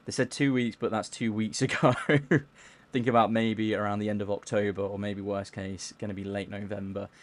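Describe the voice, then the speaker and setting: A man casually chatting on a live gaming stream, reading chat aloud in a mellowed-out, low-key way and tripping over words as he plays. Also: little pitch movement, a little fast. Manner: stumbles over words while playing.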